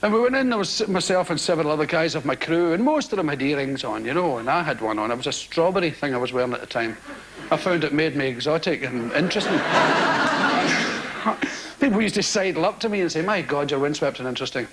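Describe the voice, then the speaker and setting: A man's voice: a little high, quick pace, noisy background. A Scottish man doing stand-up, telling rambling stories to a live theatre audience. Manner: animated, rambling, mock-indignant. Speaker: stand-up comedian. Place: stage of a large theatre.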